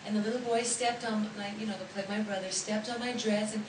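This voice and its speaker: A woman in a panel talk, telling lively stories with many restarts, recorded from far off in an echoey convention hall. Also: medium pitch, quick pace, noisy background. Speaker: actress on a panel. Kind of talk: panel anecdotes.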